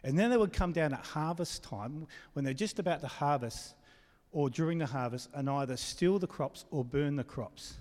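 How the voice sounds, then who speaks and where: A man's voice: mid-range voice, darkish tone, long reverb tail. A man preaching a sermon as pastor, talking conversationally and asking the congregation questions.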